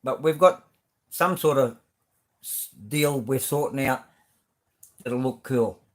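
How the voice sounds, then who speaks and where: This Australian host talks slowly in a medium-pitched voice while reading out comments during a live stream. He's friendly and rambling, and his speech is full of fillers and restarts.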